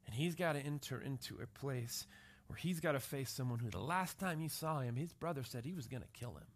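A man's voice: mid-range voice, lively intonation, fairly quick. A man preaching a sermon, telling stories and often checking in with "right?". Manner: storytelling, often asks "right?". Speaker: pastor.

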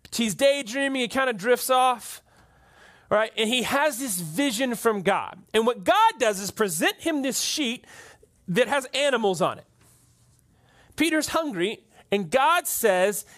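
A man's voice: extremely high pitch, fairly bright tone. A man preaching a conversational sermon to a church audience, often checking in with "right?". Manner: conversational, keeps asking "right?". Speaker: pastor.

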